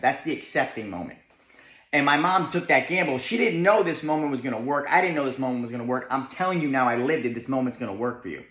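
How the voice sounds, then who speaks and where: A man's voice: medium pitch, a bit bright. A young man with a New Jersey accent giving an emphatic motivational talk, often checking in with "right?". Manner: emphatic, keeps asking "right?". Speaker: motivational speaker. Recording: echoey room.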